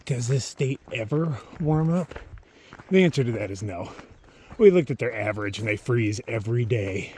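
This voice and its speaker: A man of ordinary pitch talks to his camera outdoors on a trail, easygoing and wry. He tells stories with a dry, joking edge. Faint outdoor noise sits behind his voice. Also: lively intonation, moderate pace, a little mellow. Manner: joking, laid-back, wry storytelling. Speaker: long-distance hiker filming his trek. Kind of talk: casual vlog commentary.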